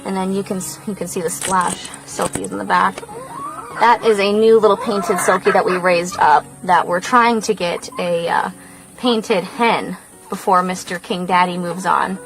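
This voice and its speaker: A woman's voice: fairly even intonation, normal speed, music in the background, low-quality recording. A young woman giving a casual tour of her farm outdoors, slightly out of breath from walking. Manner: coos in a high baby voice to the animals.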